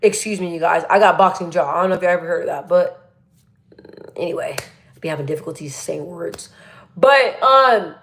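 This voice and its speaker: A woman's voice: on the low side, normal speed, a little hiss or hum. A young woman chatting casually on a livestream, reading viewer comments aloud and laughing often. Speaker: livestream host.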